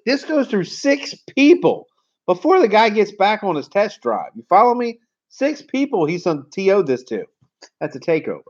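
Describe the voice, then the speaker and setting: A man, telling car sales stories in a casual, animated, slangy way. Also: fairly high pitch. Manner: animated, slangy, acts out quoted voices. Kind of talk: casual storytelling. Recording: slightly dull lo-fi audio.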